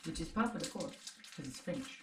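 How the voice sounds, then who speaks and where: Woman co-host, low voice, giggly snack banter, distant echoey room. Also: expressive, fairly quick, noisy background. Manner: chatty and giggly, teasing her partner. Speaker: co-host of a snack tasting show. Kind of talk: casual chat while tasting snacks.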